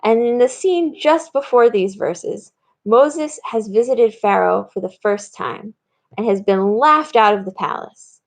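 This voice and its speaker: In this recorded lesson, the speaker is a woman rabbi and teacher whose voice sits fairly high and moves at an unhurried pace. Her explanations are steady, and she reads verses aloud along the way.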